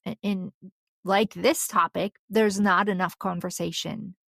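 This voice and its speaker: Slow, gravelly woman host. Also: mid-range voice, fairly even intonation, fairly bright tone, dry recording, studio quality. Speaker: podcast host. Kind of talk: conversational interview.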